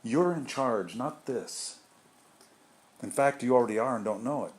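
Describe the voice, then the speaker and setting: A man's voice: mid-range voice, normal speed. A man giving an informal spiritual talk to a group, rambling and conversational with frequent restarts and asides. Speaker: group leader.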